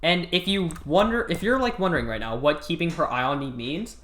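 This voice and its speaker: A man's voice: on the high side, a little fast, a bit bright, a little hiss or hum. A teenage boy, a student, ranting in an exasperated, sarcastic way while telling a story over gameplay. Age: teens. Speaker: student gamer. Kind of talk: casual rant over gameplay. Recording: echoey room, faint music.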